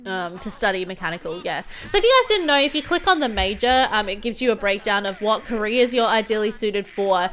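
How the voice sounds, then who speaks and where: A woman's voice: mid-range voice, lively intonation, fairly quick, hardly any pauses, a bit bright. A young woman casually commenting on her gameplay, chatty and often giggling. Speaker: gameplay video host.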